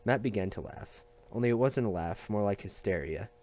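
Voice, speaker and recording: A man reading a novel aloud at a steady pace, with small slips and restarts. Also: fairly low pitch, brisk, dull audio. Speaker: audiobook reader.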